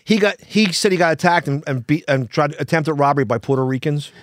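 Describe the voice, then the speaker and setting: A man's voice: on the high side, dry recording, clean studio sound. A man telling rambling stories on a casual podcast, full of restarts. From Philadelphia, US. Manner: rambling, halting restarts, laughing easily. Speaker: plumber guest.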